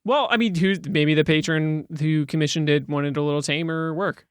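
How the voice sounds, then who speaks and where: A man's voice: on the high side, steady tone, normal speed, smooth, no echo. A man co-hosting a podcast, chatting casually about art with teasing jokes. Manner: joking, teasing, easygoing. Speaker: podcast co-host.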